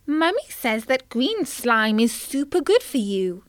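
A woman doing a squeaky little tadpole boy. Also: very animated, measured pace, dry recording, studio quality. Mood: innocent. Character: small, cheeky young male tadpole.

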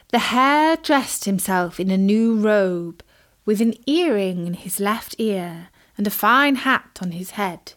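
A woman storyteller reading a children's fable in a slow, measured, clear manner. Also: mid-range voice, animated. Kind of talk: storybook narration.

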